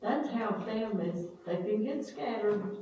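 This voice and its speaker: An older woman in casual family storytelling, slow and folksy, pausing to search for names. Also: mid-range voice, animated, warm tone. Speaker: family elder telling stories. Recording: echoey room, distant mic, faint hiss.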